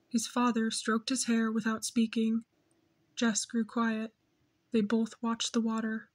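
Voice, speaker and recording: A woman reading a novel aloud in steady, measured scripted narration. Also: on the high side. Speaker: audiobook narrator.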